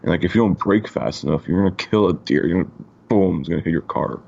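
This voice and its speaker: A man's voice: sits low, quick pace, vocal fry, darkish tone, husky, muffled recording. A man from Canada co-hosting a podcast, chatting in a laid-back, profane way full of fillers. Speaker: podcast co-host. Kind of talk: casual chat.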